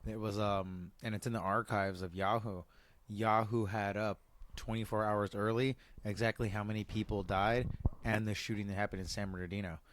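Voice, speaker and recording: A man on a casual podcast who throws in dark, sarcastic jokes. His voice sits somewhat low. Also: flat delivery, normal speed. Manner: joking, darkly sarcastic interjections. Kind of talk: casual chat.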